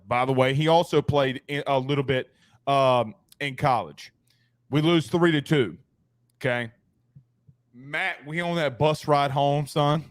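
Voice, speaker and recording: A sports talk show host tells stories in a fast, animated, casual style, tossing in slangy asides. His voice is a little high for a man, and there's no room sound on the recording.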